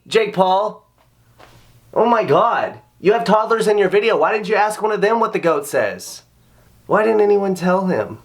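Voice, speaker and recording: A man's voice: high-pitched, a bit bright. A man hosting a reaction video, ranting in sarcastic, exasperated commentary full of swearing.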